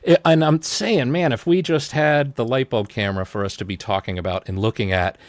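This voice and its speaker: Brief: male panelist, mid-pitched, dry close sound, methodical explainer. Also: brisk, no room sound. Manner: analytical, walks through details step by step. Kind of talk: casual panel discussion.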